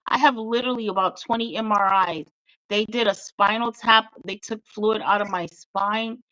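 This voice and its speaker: A woman's voice: medium pitch, fairly even intonation, moderate pace, bright, forceful tone, dry recording, rough recording. A middle-aged woman, a guest author, telling her story with earnest feeling in a casual interview chat.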